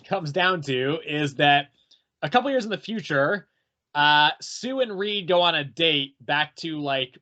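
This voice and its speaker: Bright-voiced man, casual podcast chat. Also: a little high, animated, a little slow, lo-fi sound. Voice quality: hesitant, filler-laden. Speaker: comics podcast co-host.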